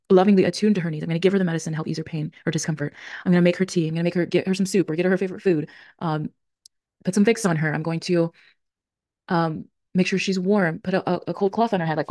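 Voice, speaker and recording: An earnest woman in her thirties talks through feelings on her own podcast. Her voice sits a little low and moves quickly, and she restarts phrases as she thinks. The recording is dry and close, with no room sound. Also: a little mellow, no echo. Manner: earnest, reflective, self-correcting. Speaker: podcast host. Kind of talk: solo podcast talk on emotions.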